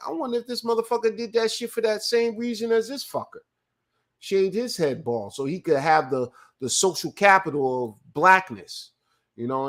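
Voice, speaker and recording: A man's voice: fairly high pitch, fairly bright tone. A man from California hosting a live show, swearing freely and telling loose stories with frequent restarts while answering viewer chat. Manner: profane, loose storytelling with restarts. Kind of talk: casual livestream commentary.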